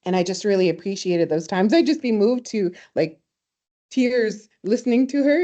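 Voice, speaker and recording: A woman teaching a language in a webinar, speaking warmly and reflectively, telling stories and laughing easily. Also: medium pitch, lively intonation, moderate pace. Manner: warm, storytelling, laughs easily. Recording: slightly dull webinar audio.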